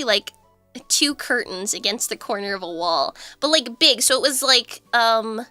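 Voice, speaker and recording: Young woman streamer, high and bright, chatty storyteller who laughs a lot; casual livestream chat. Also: dry recording.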